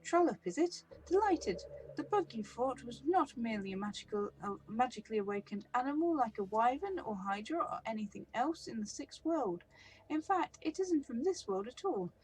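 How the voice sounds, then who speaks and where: A woman voicing a flamboyant painted male elf with a high, teasing, sing-song delivery. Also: sing-song, normal speed, darkish tone, poor audio. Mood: lecturing.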